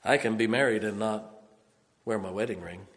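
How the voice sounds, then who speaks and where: Low-voiced preacher in a reverberant church. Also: male voice, normal speed, fairly bright tone. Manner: storytelling preacher, rises to emphatic exhortation. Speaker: pastor. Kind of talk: sermon. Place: church sanctuary.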